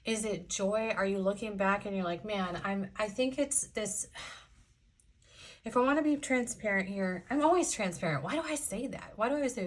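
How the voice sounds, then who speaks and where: A woman's voice: medium pitch, moderate pace. A young woman giving a casual pick-a-card tarot reading, chatty and sassy, rambling with lots of fillers. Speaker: tarot reader.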